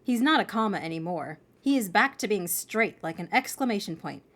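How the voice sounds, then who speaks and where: Expressive woman reading a children's story. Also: medium pitch, fairly quick. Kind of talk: children's novel read-aloud.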